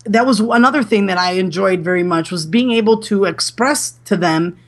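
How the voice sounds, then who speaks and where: A woman's voice: medium pitch, normal speed. A woman chatting as an interview guest, with many restarts and fillers. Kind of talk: casual interview chat.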